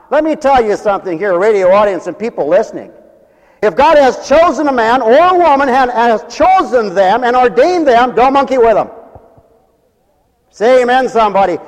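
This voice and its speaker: A man preaching an emphatic sermon to a church congregation and a radio audience, calling out for responses. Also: very high voice. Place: church sanctuary. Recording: long hall reverb.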